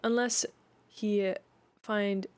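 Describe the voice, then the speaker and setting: A woman voicing a calm, steady Englishman who takes charge in a storybook reading. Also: high voice, very slow, clean tone.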